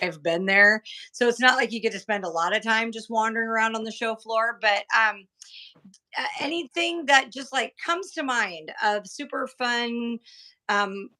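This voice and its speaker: Host: woman, 40s, bright and a bit high, chatty, lots of fillers. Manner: rambling, filler-heavy, laughs easily. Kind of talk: casual chat.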